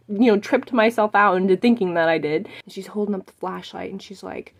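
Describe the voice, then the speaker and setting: A young woman tells a story in a casual, animated vlog style. She acts out each scene as she goes and fills her talk with "like" and "you know." Her pitch sits at a typical middle level. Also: quick pace, few pauses. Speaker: vlogger telling a story.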